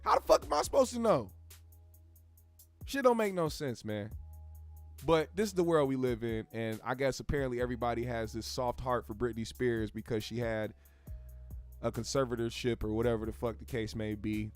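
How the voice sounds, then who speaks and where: A man's voice: medium pitch, normal speed, faint music behind. A man hosting a show, ranting bluntly in heavy slang with plenty of swearing. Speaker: show host. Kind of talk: profane commentary rant.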